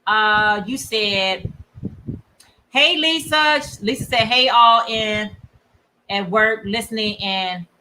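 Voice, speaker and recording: A woman hosting a crafting livestream, chatting casually and warmly reading out viewer comments. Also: medium pitch, slow, pauses often, a little hiss or hum, poor audio. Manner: chatty, reads viewer comments aloud, encouraging. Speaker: crochet livestream host. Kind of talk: casual chat with live viewers.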